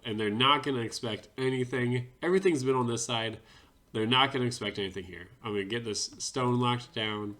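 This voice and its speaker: A man with a fairly low voice gives relaxed commentary over a strategy game replay. He narrates his own moves with wry, self-deprecating asides, speaking into a desk mic. A faint noise sits under the recording. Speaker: gaming commentator.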